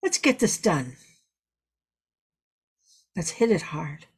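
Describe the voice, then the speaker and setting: A man's voice: on the high side, big pitch swings, slow, slightly rough, exaggerated voice. A woman voicing a firm, no-nonsense male spiritual boss who rallies the listener to get to work. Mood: rousing. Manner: firm, rousing.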